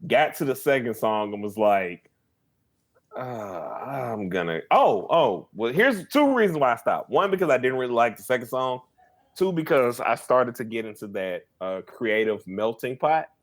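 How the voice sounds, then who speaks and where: A man's voice: mid-range voice, very animated, normal speed. A man co-hosting a podcast in casual chat, rambling with lots of fillers and restarts. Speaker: podcast co-host.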